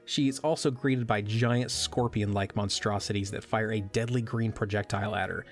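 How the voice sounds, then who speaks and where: A man co-hosting a podcast, reading a measured, wry scripted recap as the narrator. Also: lowish voice, steady tone, soft background music.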